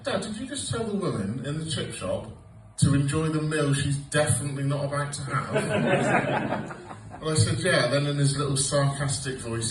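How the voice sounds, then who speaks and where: A man in his forties tells sweary, sarcastic stories at a club. His pitch jumps all over the place while he talks. He sounds distant, caught in a roomy space with noise underneath. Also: lively intonation, unhurried. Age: 40s. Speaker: stand-up comedian. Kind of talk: stand-up comedy set. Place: comedy club stage with audience laughter. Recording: roomy live club recording from afar.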